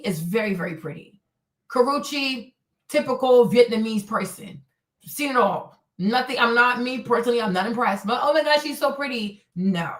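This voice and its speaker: A woman's voice: fairly high pitch, fairly bright tone. A woman hosting a show, giving blunt, emphatic, exasperated commentary. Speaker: host. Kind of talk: opinionated commentary. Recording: roomy echo.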